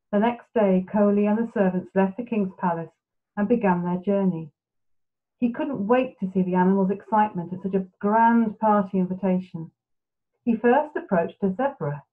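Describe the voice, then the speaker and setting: A woman reading a bedtime storybook aloud in a soft, steady way. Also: medium pitch. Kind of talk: gentle storybook narration. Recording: tinny phone-like sound.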